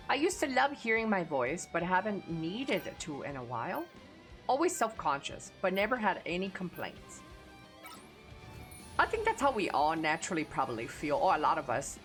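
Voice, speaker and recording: A woman's voice: on the low side, a bit bright. A woman streamer with a Chicano English accent, chatting casually, blunt and profane.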